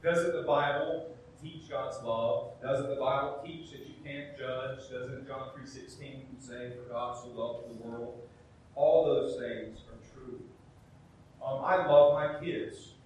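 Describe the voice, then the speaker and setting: A man's voice: steady tone, slow pace, a little mellow. A middle-aged man, preaching a sermon as a pastor, emphatic, with rhetorical questions and acted-out asides. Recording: very echoey hall, heard from a distance, faint rumble.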